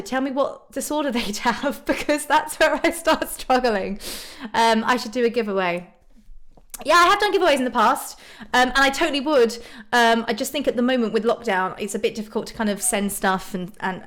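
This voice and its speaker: A woman from Ireland chatting casually on a live stream, reading out viewer comments and answering them. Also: on the high side. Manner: bubbly, frequent ums and laughs.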